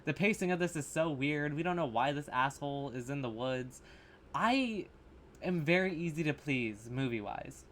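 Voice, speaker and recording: A man's voice: on the high side, expressive, moderate pace, fairly bright tone, a little hiss or hum. Man rambling through a horror review. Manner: rambling, filler-heavy, swearing, sarcastic. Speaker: horror reaction vlogger. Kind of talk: casual rambling commentary. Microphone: camera mic.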